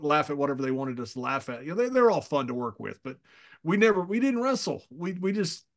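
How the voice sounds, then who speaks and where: A man in his fifties, speaking a little higher than most men, spins stories as a podcast guest. He chuckles easily and doubles back on his words as he remembers. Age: 50s. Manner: chuckles often and repeats words as he tells stories. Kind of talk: casual storytelling.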